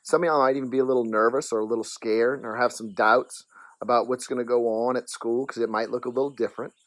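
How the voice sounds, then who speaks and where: A man, wrapping up a children's church lesson in a relaxed way with frequent ums. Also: mid-range voice, fast, no room sound. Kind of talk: casual lesson wrap-up.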